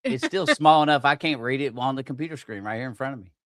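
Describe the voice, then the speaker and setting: A man's voice: mid-range voice, lively intonation, quick pace, a bit bright, no echo, studio quality. A man hosting a casual livestream podcast, swearing freely, getting aggravated and laughing at himself. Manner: profane, easily aggravated, self-mocking. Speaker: podcast host.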